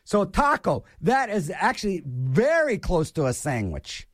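A man's voice: high-pitched, wildly swooping pitch, measured pace, a bit bright, no room sound, studio quality. A man from Pittsburgh hosting a show, delivering a playful, mock-argumentative comic rant.

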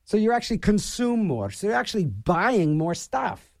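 A man's voice: high-pitched, sing-song, normal speed, creaky, dry recording, clean studio sound. A middle-aged man hosting a radio show and delivering an opinionated political rant, scornful and repeating his phrases for emphasis.

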